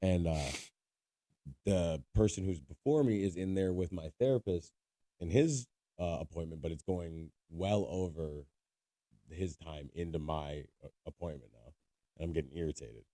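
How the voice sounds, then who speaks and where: Deep-voiced man telling a story casually. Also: normal speed, mellow, no room sound, clean studio sound. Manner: swearing, laughing storyteller who bursts high when quoting. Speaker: podcast co-host.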